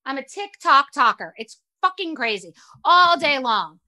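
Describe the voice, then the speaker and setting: A woman hosting a show, talking in a casual, animated, profane rant that mocks herself. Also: high voice, unhurried. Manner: animated, profane, self-mocking. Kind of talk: casual ranty monologue.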